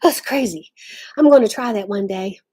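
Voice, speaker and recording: A woman's voice: mid-range voice, normal speed, dark tone, husky. A woman hosting a casual craft livestream from home, chatting and reading viewer comments aloud. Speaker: livestream host.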